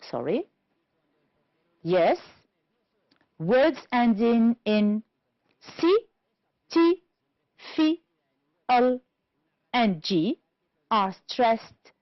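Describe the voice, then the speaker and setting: A woman from Algeria teaching an English lesson on television, speaking slowly and clearly and stressing each word for learners. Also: mid-range voice, dry recording, lo-fi sound. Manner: slow, clear teacherly delivery, stressing words.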